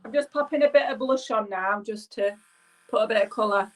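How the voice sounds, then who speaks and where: A woman's voice: a little high, brisk. Chatty Yorkshire woman with a rambling style. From England. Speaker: guest. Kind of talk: casual chat while doing makeup.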